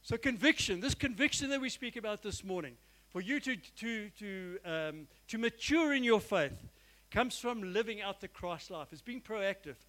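A man preaches to his church, his voice sitting notably high for a man. He sounds earnest and emphatic, leaning into repeated phrases and addressing the congregation directly. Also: expressive, normal speed, bright, forceful tone, low-quality recording. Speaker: pastor. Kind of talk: sermon.

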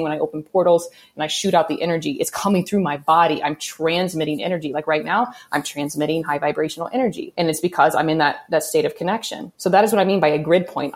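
A woman's voice: low voice, a little mellow. A woman guest on a spiritual podcast, explaining her ideas in an earnest teaching tone and often checking in with "okay" and "right?". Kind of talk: conversational podcast interview.

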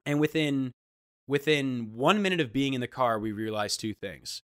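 A man telling a funny story in casual chat, animated and acting out the voices he quotes. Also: mid-range voice, normal speed, clean tone. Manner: animated, acts out quoted voices, restarts often. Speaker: guest storyteller.

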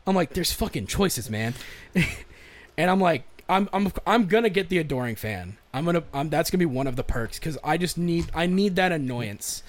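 Casting: young male podcast co-host, animated and foul-mouthed, rambling game chat. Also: fairly high pitch, fairly quick. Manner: animated, swears a lot, rambling with restarts. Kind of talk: casual chat about games and movies.

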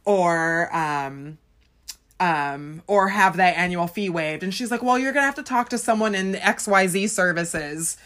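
A woman co-hosting a casual chat, telling a story with lots of animated retelling and laughter. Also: on the low side, measured pace. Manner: animated storyteller, acts out phone calls, laughs often. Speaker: podcast co-host.

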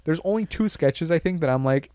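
A man's voice: animated, a little fast, mellow, no echo. Rambling young man in casual podcast chat. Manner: rambling, swears, acts out quotes with big pitch jumps. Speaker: podcast co-host.

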